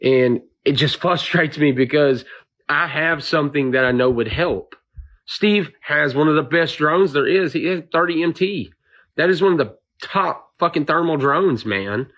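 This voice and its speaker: Here the same emotional man, a drone-and-truck volunteer, vents in an impassioned video about being ordered to stand down, circling back to his points as he pleads. His voice is slightly high and bright, and he speaks a little slowly. The sound is lo-fi.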